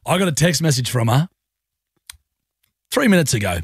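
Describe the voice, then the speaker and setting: A man's voice: mid-range voice, normal speed, husky, no room sound. A man co-hosting a radio show, telling stories in casual, jokey banter from a studio microphone. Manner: animated, jokey, acts out voices in his stories. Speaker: radio co-host.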